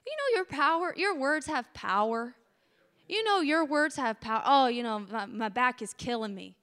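A woman gives an impassioned sermon, her voice high and bright. She builds to emotional peaks as her voice cracks with feeling. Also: animated, moderate pace. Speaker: preacher. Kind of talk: sermon testimony.

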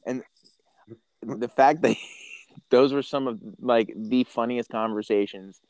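A man's voice: mid-range voice, slow, no echo. A man in his thirties chats casually as a podcast host. He tells stories with lots of energy, swears freely and acts out what others said. His voice sits mid-range and the sound is dry and close. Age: 30s. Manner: animated storyteller, swears, acts out quotes. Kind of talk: casual chat.

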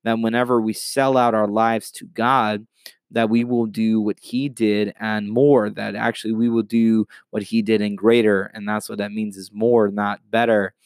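A man's voice: lowish voice, little pitch movement, normal speed, dry recording. A man hosting a podcast, preaching with casual enthusiasm. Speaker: podcast host.

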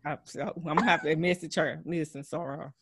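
A woman's voice: low voice, fairly quick, breathy edge. Texan woman with a light twang. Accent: Texas Southern twang. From Texas. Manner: laughs often, animated. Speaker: podcast host. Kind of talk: casual chat.

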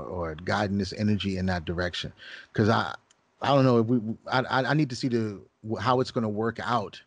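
A man's voice: lowish voice, no room sound. A man co-hosting a podcast, talking in a hesitant, stammering, thoughtful way. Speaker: podcast co-host. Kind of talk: casual podcast debate.

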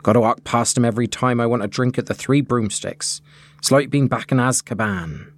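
A man reading aloud the lines of a huge, gloomy, gentle groundskeeper in his own plain voice. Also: medium pitch, a little fast, lightly acted. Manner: read plainly in the reader's own voice.

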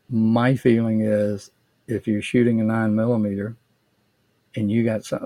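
An older man, a veteran guest on a podcast, explaining things in a measured way with frequent restarts. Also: lowish voice, mellow, breathy edge, dry recording. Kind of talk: interview answers, storytelling. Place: podcast studio.

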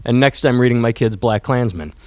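A man's voice: medium pitch, a little fast, darkish tone, no room sound, studio quality. A man co-hosting a podcast in casual chat, candid and profane, telling stories with acted quotes. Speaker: podcast co-host.

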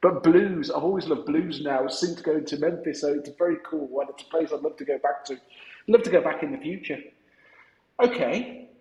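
A man's voice: on the high side, moderate pace, darkish tone, roomy sound, dull audio. A man hosting a business podcast, chatting casually and cheering on his guest. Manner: enthusiastic, affirming interjections. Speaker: podcast host. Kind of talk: casual interview chat.

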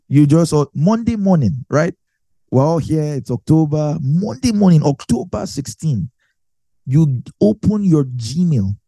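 Man teaching the Bible in a mellow voice. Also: a little high, no room sound. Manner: explains with everyday examples, repeats phrases for emphasis.

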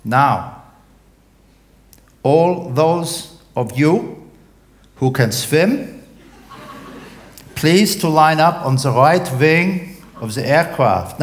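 Brief: courteous, formal airline captain over the speaker, pitched up and loud, as a man puts him on. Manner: polite announcing tone, stiffly formal.

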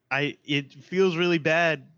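A man's voice: on the high side, fairly even intonation, slow, a bit bright, smooth, no room sound, dull audio. A young man in casual chat, venting his frustration and swearing.

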